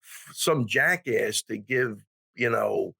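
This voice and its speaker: A man with a New York accent, a guest on a fight podcast, talking bluntly in a halting way with many restarts and some swearing. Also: lowish voice, vocal fry, sharp tone, slightly rough, no echo. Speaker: guest, MMA coach. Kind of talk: casual sports chat.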